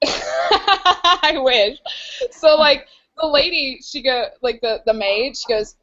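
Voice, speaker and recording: Chatty young woman co-host, slightly high voice, giggly. Muffled, dull audio. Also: sing-song, slow, a bit bright. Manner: chatty and giggly, full of fillers. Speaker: podcast co-host. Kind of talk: casual chat.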